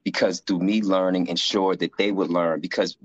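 A man's voice: low voice, level tone, moderate pace, dry recording, lo-fi sound. A man in casual conversation, telling stories animatedly, acting out quoted voices and using frequent fillers. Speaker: guest sharing life story.

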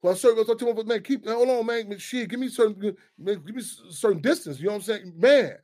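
A middle-aged man hosting a talk radio show, animated and heated, swearing freely. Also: high-pitched, brisk. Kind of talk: casual talk radio monologue.

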